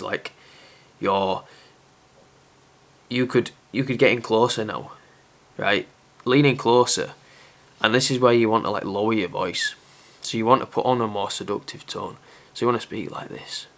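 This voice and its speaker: Young man, somewhat low voice, casual to-camera advice, candid, chatty. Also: fairly even intonation, normal speed, long pauses, a bit bright. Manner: candid, chatty, self-aware. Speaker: dating advice presenter.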